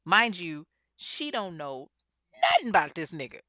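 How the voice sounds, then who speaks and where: A woman's voice: fairly low pitch, wildly swooping pitch, measured pace, bright, forceful tone, dry recording, clean studio sound. A woman hosting a podcast, telling a true-crime story in a casual, blunt and profane way, with frequent asides to listeners. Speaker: podcast host.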